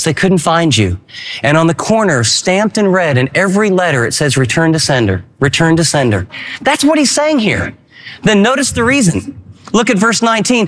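A man preaching a radio sermon, animated, with dramatic swings between slow emphasis and quick asides. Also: high voice. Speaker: pastor.

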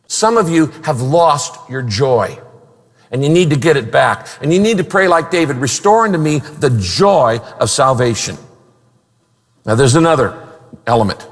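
Male pastor, high and expressive, emphatic sermon delivery, reverberant hall. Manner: animated, emphatic preaching with rhetorical questions.

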